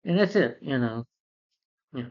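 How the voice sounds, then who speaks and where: A man's voice: medium pitch, expressive, unhurried, highs cut off. A man rambling through an exasperated movie review rant, full of fillers and restarts.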